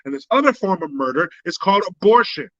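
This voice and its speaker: A man's voice: sits high, very animated, fast talker, fairly bright tone, no room sound, lo-fi sound. A man hosting a political commentary live stream, talking in a blunt, profane, combative way.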